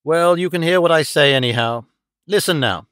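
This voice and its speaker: A man's voice: a little high, normal speed, a bit bright, clean tone, no room sound, studio quality, close to an everyday voice. A man voicing a cold, gloating middle-aged male villain who mocks and menaces his dying victim. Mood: menacing. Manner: sneering, menacing, mocking.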